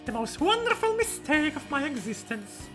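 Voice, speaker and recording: A tiny, sweet-natured pet dragon girl, as a man puts her on in a squeaky, very high voice that swoops all over. She sounds doting and playful. Faint game music plays behind her. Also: big pitch swings, moderate pace.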